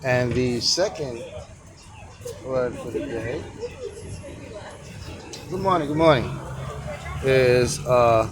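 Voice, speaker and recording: Beside a street, a man with a mid-range voice runs a sidewalk tea stand and speaks slowly with long pauses, amid background noise. In a rambling vlog, he casually teaches characters and counts their strokes aloud.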